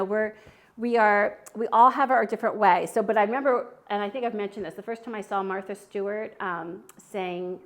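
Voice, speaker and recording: Woman, mid-pitch, chatty live cooking host in her kitchen, talks to chat while she works. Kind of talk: casual live cooking demo. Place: home kitchen.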